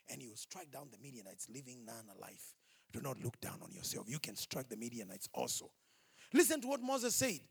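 High, gravelly preacher. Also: male voice. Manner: impassioned, rising to shouts. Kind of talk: sermon.

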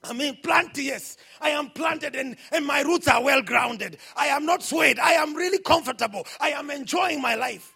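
A male pastor preaching a sermon, shouting his exclamations and throwing questions at the congregation. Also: extremely high pitch, normal speed, vocal fry, few pauses.

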